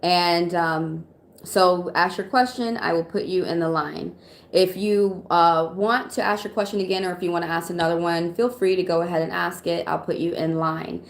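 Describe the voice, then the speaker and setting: A woman's voice: lowish voice, fairly even intonation, moderate pace, gravelly, roomy sound. An American woman from Atlanta doing casual tarot readings on a live stream, chatty and rambling with many fillers and frequent laughs. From Atlanta, USA. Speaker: tarot reader.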